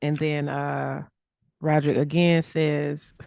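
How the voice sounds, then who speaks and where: A woman's voice: deep voice, a little slow, darkish tone, no room sound. A woman co-hosting a casual political talk stream, chatty and teasing as she reads viewer comments aloud. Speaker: co-host reading viewer comments.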